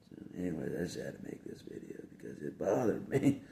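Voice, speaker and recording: A low-voiced man speaks in a heavily gravelly, dark tone, chuckling between his insistent, repetitive phrases. His casual rambling monologue to camera is recorded in an echoey room with a faint background hum. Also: moderate pace. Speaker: video blogger.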